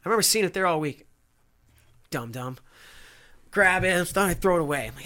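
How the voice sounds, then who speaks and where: A man casually telling travel stories as a guest, animated and acting out the people he met. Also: sits high, a little fast, pauses often. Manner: animated, acts out other voices. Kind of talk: casual storytelling chat.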